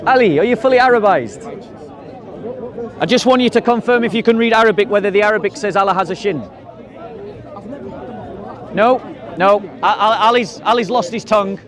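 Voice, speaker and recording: His voice is high and a little fast, broken by long pauses. A street debater in an open-air park debate, he confronts a crowd of onlookers with pressing questions, challenging and ridiculing his opponents.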